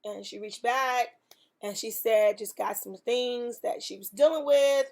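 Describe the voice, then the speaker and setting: A woman hosts a faith podcast, sharing a testimony in an earnest, emphatic way with the repetition of preaching. Her voice is fairly high and her pace unhurried.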